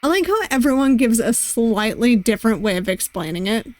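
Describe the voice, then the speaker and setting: A woman's voice: a little high, lively intonation, fairly quick, dry recording. A woman streamer chatting casually while playing a romance game, giggly and self-deprecating, talking close into a desk mic. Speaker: gaming streamer. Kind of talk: casual let's-play commentary.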